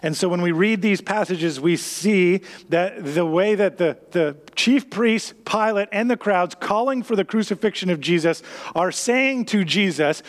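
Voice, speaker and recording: A man's voice: high-pitched, lively intonation, moderate pace. A man preaching a sermon in an earnest way, reading scripture aloud, with some restarts. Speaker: pastor.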